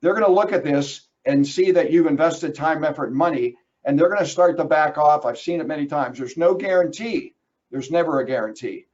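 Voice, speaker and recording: A man leads a webinar in an emphatic, direct way, talking to his listeners as folks. His voice sits a little high. The sound is muffled and lo-fi, as if it came through online meeting audio. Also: a little fast, a little mellow. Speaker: webinar presenter on trucking risk. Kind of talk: webinar presentation.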